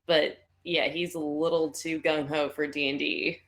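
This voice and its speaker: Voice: mid-range voice, flat delivery, measured pace, a bit bright. Podcast co-host, teasing, chatty, casual talk. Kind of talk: casual live-stream chat.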